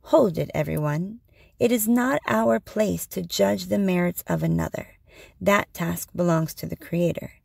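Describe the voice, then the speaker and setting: A woman voicing a wise male spirit hero who speaks calmly and steadily to the animals in a storybook reading. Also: fairly low pitch, a little slow, vocal fry, dry recording, clean studio sound, heavily acted.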